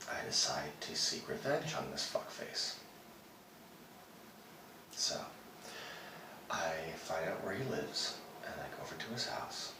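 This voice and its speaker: Guy acting out a vengeful unhinged man in a monologue, crude blunt talk, really low voice, noisy echoey take. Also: full character voice. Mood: hushed, menacing. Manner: profane, blunt storytelling. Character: vengeful, unhinged man confessing a brutal revenge. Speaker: actor performing a monologue. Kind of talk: dramatic monologue. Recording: echoey room, far from mic, noisy.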